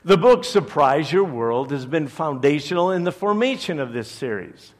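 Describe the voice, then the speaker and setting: A man's voice: a little high, lively intonation, moderate pace. A man from Chicago, a pastor, preaching a conversational sermon to his church with joking asides. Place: church service.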